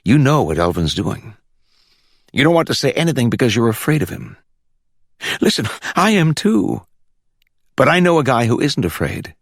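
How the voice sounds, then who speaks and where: A man's voice: mid-range voice, sing-song, moderate pace, vocal fry, pauses often, no room sound, clean studio sound, voice pushed up. A man voicing a probing, streetwise woman officer. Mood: pressing. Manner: pressing, coaxing questions.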